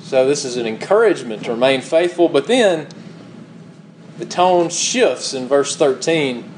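A man's voice: mid-range voice, lively intonation, measured pace, darkish tone, a little hiss or hum, low-quality recording. A man preaching a sermon, reading scripture aloud and asking rhetorical questions with emphatic repetition. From United States.

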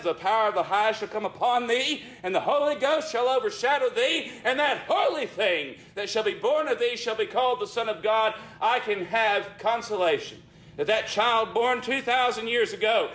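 A man preaching a sermon in an earnest way, often calling his listeners friends and dropping his voice low for emphasis. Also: animated, moderate pace, a bit bright.

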